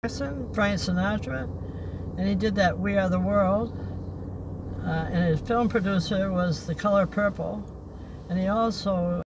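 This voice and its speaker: An older man hosting a livestream outdoors by the beach, reading historical notes in a halting way and slowing down on names. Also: high voice. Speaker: livestream host. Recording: noisy outdoor recording.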